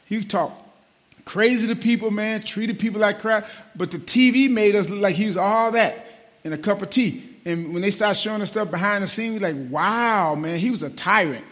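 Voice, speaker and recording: A middle-aged man delivers a sermon in a high voice. He talks to the congregation casually, as if to friends, and keeps saying "man". His voice carries a long reverb from the hall around him. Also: a bit bright. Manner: conversational preaching, says "man" often. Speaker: preacher.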